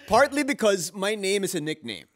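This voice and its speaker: A man's voice: sits high, big pitch swings, fairly quick, a bit bright. A man co-hosting a casual sports talk podcast, rambling, repeating words as he goes and laughing often. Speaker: podcast co-host.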